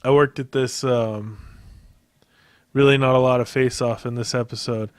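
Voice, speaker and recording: A man's voice: medium pitch, fairly even intonation, normal speed, clear, resonant tone, no echo. A man hosting a podcast solo, rambling in a casual, profane way and laughing at his own jokes. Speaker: podcast host.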